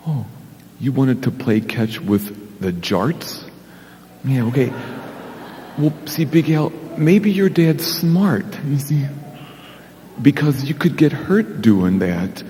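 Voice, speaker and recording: Man, pastor, children's sermon, gentle sing-song, mellow tone, slow, church reverb. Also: medium pitch, sing-song, a little hiss or hum. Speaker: pastor giving a children's message. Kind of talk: children's sermon with puppet dialogue.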